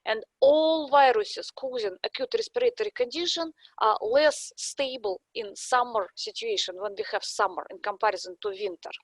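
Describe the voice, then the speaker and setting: A woman's voice: a little high, animated, moderate pace, hardly any pauses, no room sound. A woman with a Russian accent, a guest expert in a podcast interview, explaining things step by step with examples.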